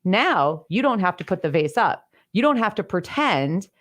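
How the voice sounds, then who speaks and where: A woman's voice: sing-song, moderate pace, a bit bright. A middle-aged woman coaching on clutter in a solo teaching talk, explaining step by step with everyday examples and acting out quoted lines. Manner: acts out quoted lines with bigger pitch swings. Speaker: decluttering coach.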